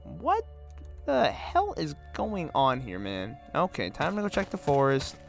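Excitable young man yelling over games. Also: on the high side, measured pace, gravelly, faint music behind. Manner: loud, excitable, laughing, swearing. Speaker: gaming host. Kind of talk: let's play commentary.

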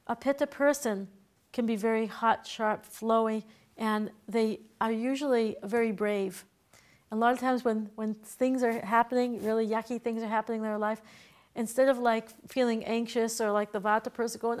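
Lively, laughing woman teaching a class. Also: a little high, normal speed. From Boston, USA. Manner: chatty, laughs often, acts out voices. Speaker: herbalism teacher. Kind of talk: casual classroom lecture.

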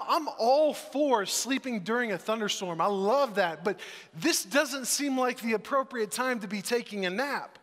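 Pastor, male, bright and high-voiced, casual animated sermon delivery, recorded in a reverberant sanctuary. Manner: conversational and animated, acts out voices in quotes. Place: church sanctuary. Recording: church sanctuary with long reverb.

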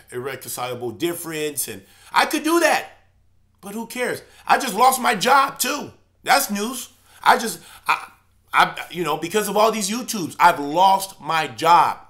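A man preaching with a high-pitched, bright and forceful voice. He talks with great passion and hammers home his points by repeating phrases. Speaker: church elder. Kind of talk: impassioned preaching monologue.

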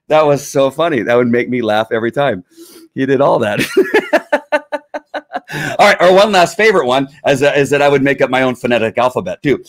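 A man's voice: medium pitch, brisk. A middle-aged man, a former police officer, telling stories in a casual monologue, rambling with many fillers and frequent chuckles.

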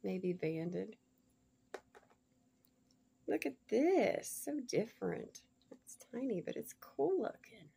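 A woman chatting casually to viewers as she unboxes a gift package, gushing and laughing often, sometimes dropping to soft murmurs. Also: mid-range voice, big pitch swings, slow, gravelly, pauses often, husky. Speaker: vlogger showing a gift package.

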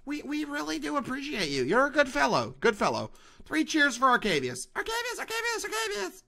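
A man narrating his own game play as a YouTuber, excitable and loud, repeating himself and calling his viewers dudes. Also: very high voice, brisk, gravelly. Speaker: gaming YouTuber. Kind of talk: excited let's-play commentary.

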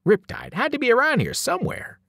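A male teacher reads a novel aloud with dramatic flair, his pitch leaping and falling across every sentence. The recording is close and dry, with no room sound. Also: fairly quick, vocal fry, no echo. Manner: animated, dramatic storytelling. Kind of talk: novel read-aloud narration.

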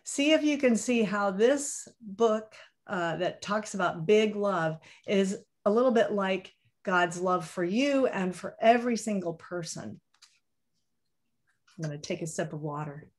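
A woman pastor reading a children's picture book aloud during a sermon, in a gentle, expressive storytelling manner. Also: medium pitch, measured pace.

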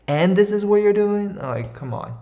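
A woman's voice: mid-range voice, animated, moderate pace, warm tone. A woman co-host adding reactive comments in a casual chat.

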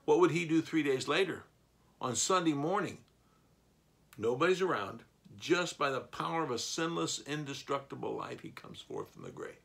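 A man teaching a Bible lesson, reading verses and explaining them, rising to loud bursts for emphasis. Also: a little high, huge pitch swings, moderate pace, creaky.

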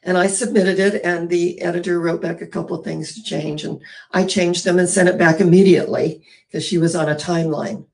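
A middle-aged woman minister telling an emotional personal story in a sermon, earnest and dramatic with pauses. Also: fairly low pitch, steady tone, vocal fry, darkish tone.

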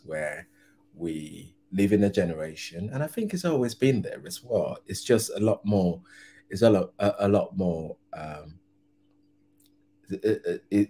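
A man's voice: sits low, warm tone, a little hiss or hum. A man hosting a reaction video, commenting casually on a comedy clip, often laughing and rambling through restarts.

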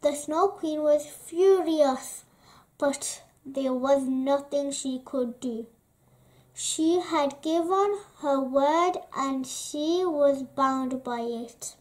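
A woman reading a children's story aloud in a gentle, expressive way. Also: high-pitched, drawn-out words. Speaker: storybook reader.

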